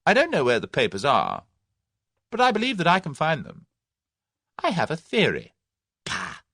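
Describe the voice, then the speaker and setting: Brief: man reading brash young hero, animated, dry booth. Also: fairly high pitch, moderate pace, dry recording, voice pushed up, exaggerated voice. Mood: confident. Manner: breezy, confident, scornful. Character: cocky young Englishman bluffing his captors.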